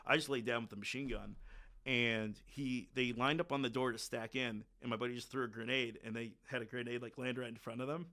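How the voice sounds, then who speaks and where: A man's voice: mid-range voice, fairly even intonation, brisk, sharp tone. Blunt man telling war stories. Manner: blunt, candid war storytelling with frequent filler words. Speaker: podcast guest, military veteran. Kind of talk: casual conversational storytelling.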